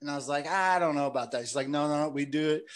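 A man's voice: a little high, fast. A man hosting a casual chat, telling long rambling stories and saying "dude" and "like" often. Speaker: podcast host.

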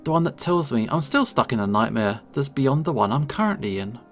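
A man reading a visual novel aloud with a lively, swinging delivery. His reading is expressive and dramatic, with soft guitar music playing faintly behind. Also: mid-range voice, brisk. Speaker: gaming YouTuber.

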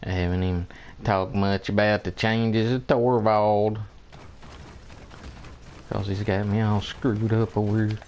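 A man narrates his own gameplay in a slow, unhurried drawl, sitting a little low in his range. He grumbles in disbelief, repeats himself, chuckles and swears mildly in a folksy way. A faint hiss of noise sits under his voice. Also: little pitch movement, darkish tone. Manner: folksy mild oaths, chuckles often. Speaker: gameplay commentator. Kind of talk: casual gameplay commentary.

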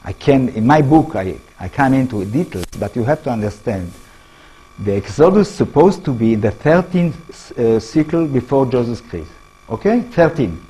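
A middle-aged man with an Israeli accent giving a public lecture in halting English, restarting phrases and putting questions to the audience. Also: mid-range voice, expressive, dark tone, breathy edge, poor audio.

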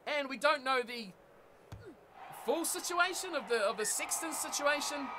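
A young man commentating a rugby video game live and chatting with viewers, excitable and laughing often. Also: very high voice, moderate pace, heavy background noise. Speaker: game streamer.

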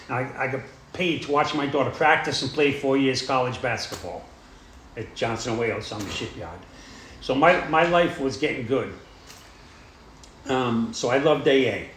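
A man's voice: mid-range voice, fairly bright tone, a little hiss or hum. Middle-aged guy telling his story at a meeting, rambly, lots of you know, echoey room. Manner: plain-spoken, rambling, frequent "you know" and "uh". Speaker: AA speaker sharing his story. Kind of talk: recovery talk, storytelling.

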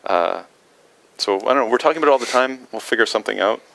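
A man's voice: mid-range voice, expressive, fast, creaky, fairly bright tone, low-quality recording. A man answering viewer questions on a livestream in a casual, rambling way, with many fillers and restarts.

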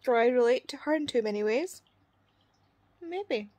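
A young woman, chatting casually about a book she is reading in a vlog, retelling scenes with quoted voices and quick asides. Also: fairly high pitch, animated, a little mellow, no echo. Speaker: book vlogger.

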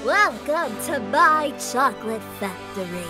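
A woman voicing a cagey, shifty chocolate factory guide with evasive, hesitant delivery in an animated game roleplay. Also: high voice, a little slow, music in the background.

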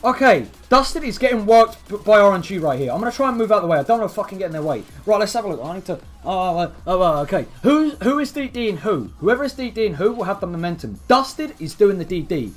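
A young man streaming excited play-by-play commentary on a game tournament, swearing freely and rambling into jokes and asides. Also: sits high, fast talker, few pauses.

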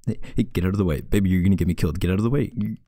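A man in a playful, teasing boyfriend whispered role-play, talking softly and intimately. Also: sits low, racing, no echo, studio quality.

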